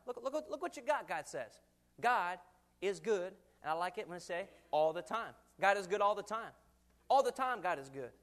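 A man in his twenties preaching a sermon in an animated way, acting out quoted voices and chuckling often. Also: sits high. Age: 20s.

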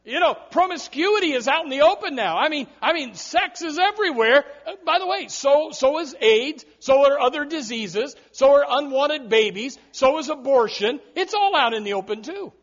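A man's voice: very high voice, lively intonation, moderate pace, hardly any pauses, a bit bright, lo-fi sound. A man preaching a sermon in an emphatic style, often repeating and restarting his words. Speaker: pastor.

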